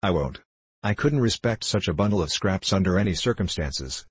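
A man doing a vain glass cat from a storybook, she-cat, haughty and scornful, talking down to everyone in a low, husky voice. Dry, close sound. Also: expressive, moderate pace, no room sound.

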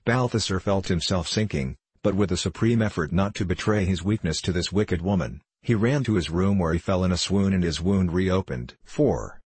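A man narrating a story for an audiobook in a steady, even way. His voice is low and husky, and the recording is dry and close with no room sound. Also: normal speed, hardly any pauses, no echo, low-quality recording. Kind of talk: scripted narration.

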